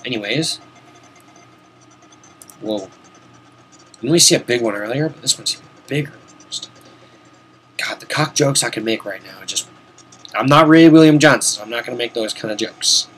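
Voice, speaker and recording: Male let's-play host, mid-pitched, rambling and casual with some cursing, voice a touch hoarse. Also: normal speed, long pauses, pushed and bright, slight background noise. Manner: chatty, rambling, swears casually. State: hoarse, sore voice. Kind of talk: let's-play game commentary.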